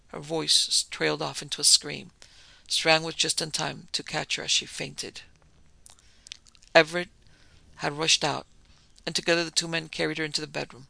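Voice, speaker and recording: A man narrating a story in an even reading voice. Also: fairly high pitch, normal speed, vocal fry, pauses often, dry recording.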